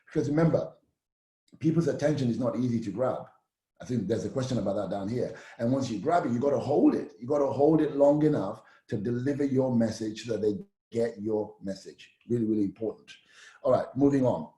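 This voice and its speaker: Man, public speaking coach, live-streamed lesson, emphatic and energetic, middle pitch, echoey room. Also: fairly quick. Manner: energetic, emphatic, often asks "okay?". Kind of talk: live-streamed teaching talk.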